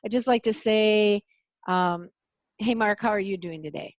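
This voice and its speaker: An effusive woman hosts a casual online interview, speaking in a mid-pitched voice. Her sound is dry and close, with little room around it, as on a video call. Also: moderate pace, no echo, dull audio. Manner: warm, effusive, lots of "mm" and "gorgeous". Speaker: host.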